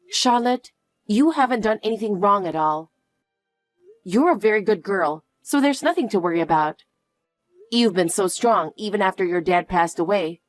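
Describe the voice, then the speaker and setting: A woman reading a story, speaking as a mother in a soft, soothing, reassuring way. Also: mid-range voice, expressive, normal speed, no echo, soft background music. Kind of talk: scripted story narration.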